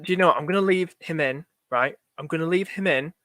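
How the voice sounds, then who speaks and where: A man's voice: fairly high pitch, quick pace, a bit bright, no room sound, studio quality. A young man on a live stream, thinking aloud in a chatty, anxious way and talking to his viewers. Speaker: fantasy football streamer.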